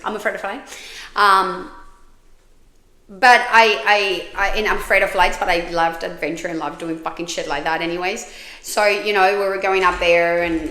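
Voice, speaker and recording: A woman's voice: medium pitch, bright, forceful tone, roomy sound. A woman hosting a podcast, telling her own story in a frank, candid way, swearing freely and often restarting her sentences. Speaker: podcast host.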